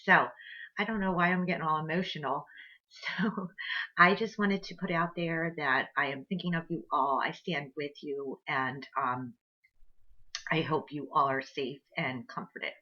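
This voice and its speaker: A woman's voice: low voice, steady tone, measured pace. A woman giving a casual tarot reading to camera, earnest and rambling with many fillers, recorded on an old computer microphone. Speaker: tarot reader. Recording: dull lo-fi computer audio.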